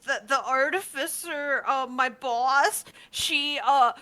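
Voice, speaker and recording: A woman voicing a timid young female gnome apprentice who stammers, apologizes and speaks slowly in a shaky, tearful voice. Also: sits high, pushed and bright, heavily acted.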